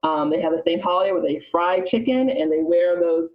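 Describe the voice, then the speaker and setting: A woman's voice: fairly low pitch, fairly quick. A woman from Alabama, a guest on a podcast, explaining history in a chatty, informal way. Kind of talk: casual podcast chat. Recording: slightly dull lo-fi sound.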